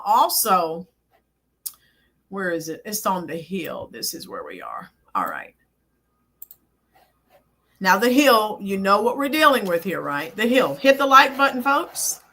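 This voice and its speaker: A woman's voice: mid-range voice, lively intonation, takes it slowly, pushed and bright. A woman hosting a live-stream political commentary, emphatic and punchy, greeting chat viewers by name. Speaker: livestream commentary host.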